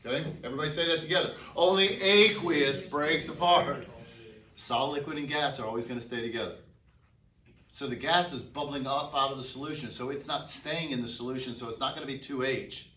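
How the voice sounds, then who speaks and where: A man's voice: medium pitch, fast talker, sharp tone, a little hiss or hum. A man teaching a chemistry class, asking students questions and answering them himself. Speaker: high school chemistry teacher. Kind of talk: classroom lecture. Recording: echoey classroom from a distance.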